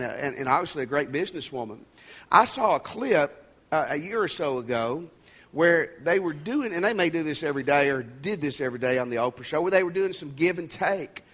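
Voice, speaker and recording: A man's voice: fairly high pitch, fairly bright tone. Man preaching in a raised, conversational voice. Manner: conversational and emphatic, with folksy asides and jokes. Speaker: pastor. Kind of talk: sermon.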